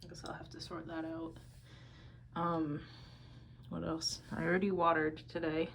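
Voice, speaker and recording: A tired woman talking casually about her houseplants, soft and meandering with many fillers. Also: deep voice, level tone, a little slow, a little hiss or hum, low-quality recording. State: tired, out of breath. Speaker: vlogger. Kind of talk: casual plant-care vlog. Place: home among houseplants, indoors.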